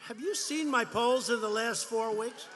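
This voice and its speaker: A man's voice: very high-pitched, moderate pace, big-room sound, very noisy. A man in his seventies giving a rambling, boastful, mocking campaign rally speech, repeating his phrases. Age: 70s. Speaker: politician speaking at a rally. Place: large rally venue.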